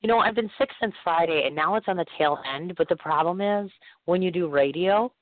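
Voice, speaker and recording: Host, male, hoarse from a cold, a bit high-pitched, chatty and excitable, heard over a tinny, dry phone line. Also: brisk, no echo. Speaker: radio show host. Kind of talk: casual talk-radio interview.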